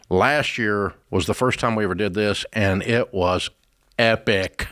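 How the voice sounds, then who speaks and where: Blunt, low-voiced man hosting a call-in show. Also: a little slow, a bit bright, clean tone, no echo. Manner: blunt and emphatic, folksy slang. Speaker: radio show host. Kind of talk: casual call-in advice talk.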